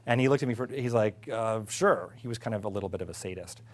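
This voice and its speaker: A middle-aged man, an executive, telling a casual story about his career. He is lively, laughs often and acts out what others said. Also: on the low side, very fast. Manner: animated, laughing, acts out quotes. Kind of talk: casual anecdote.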